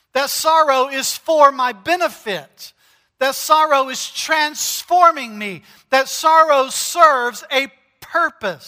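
A man preaches a sermon in a slow, deliberate way, pausing to press on key words. His voice sits high and sounds bright. A long reverb trails each phrase, as in a large church hall. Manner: measured preaching with emphatic pauses on key words. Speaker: pastor.

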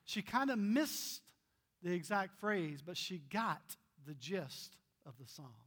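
A man preaching a sermon, telling stories earnestly and swinging between loud emphasis and hushed asides. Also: sits high, very animated, slow pace. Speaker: pastor.

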